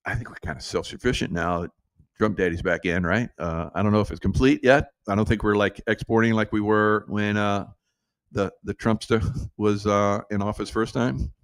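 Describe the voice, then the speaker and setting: A brash middle-aged man talks through casual political commentary in a low voice. He laughs often and mimics his critics with quick put-on voices. The recording is dry and close. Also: fairly even intonation, dry recording. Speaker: show host.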